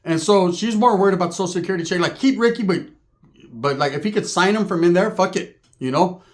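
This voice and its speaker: A man's voice: high voice, fast talker. Profane rambling male storyteller. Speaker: comedian. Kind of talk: comedic storytelling monologue.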